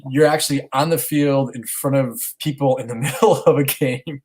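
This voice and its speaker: A man's voice: medium pitch, fairly even intonation, normal speed, a little mellow. A man in his thirties, a stay-at-home dad co-hosting a podcast, telling a long story in casual chat with many restarts. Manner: rambling, earnest, many restarts. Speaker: podcast co-host, father.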